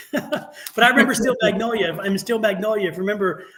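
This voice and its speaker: A high-voiced man chatting fast on a casual tarot livestream. He tells stories, slips into put-on voices and laughs often as he talks. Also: over a noisy crowd. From West Virginia family, East Coast. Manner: animated storyteller, quick talker who puts on Southern voices and laughs often. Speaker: tarot reader co-host.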